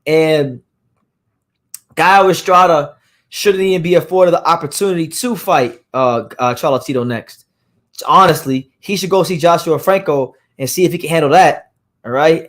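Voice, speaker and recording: At a moderate pace, the host of a boxing podcast covers fight news on a live stream. His slightly high voice is hoarse today, and his easygoing talk keeps circling back, thick with fillers and restarts.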